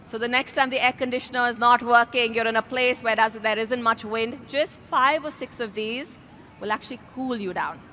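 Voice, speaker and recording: A woman yoga instructor calmly guiding a class outdoors through breathing exercises, speaking slowly and gently. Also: fairly high pitch, a little hiss or hum. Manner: calm, slow, gently instructive. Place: outdoors in a city square.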